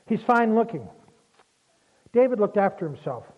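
High-voiced preacher on a tinny line. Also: male voice, very animated, normal speed. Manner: folksy, conversational storytelling with asides. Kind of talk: sermon. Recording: tinny phone-like sound.

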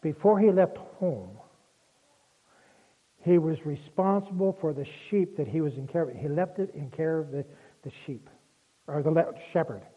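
Male preacher, high voice, conversational folksy sermon, tinny phone-quality recording. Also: moderate pace, pauses often. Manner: folksy, conversational storytelling with asides.

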